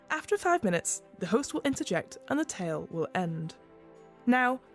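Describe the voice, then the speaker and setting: A woman game master reads the rules aloud in a clear, measured way. Her pitch moves a lot, and faint music plays behind her.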